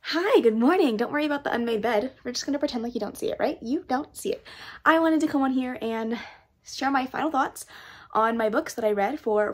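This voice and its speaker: A young woman talking casually to the camera at home about the books she is reading, animated and self-deprecating. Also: high voice, dry recording. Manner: chatty, animated, self-deprecating with bursts of loud excitement. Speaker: book vlogger. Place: her home.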